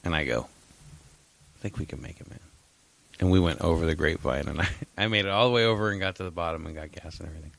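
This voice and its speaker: A man's voice: sits low, very fast, creaky, few pauses, a bit bright, dry recording. A man co-hosting a podcast in casual chat, crude and jokingly over the top, swearing heavily. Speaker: podcast co-host.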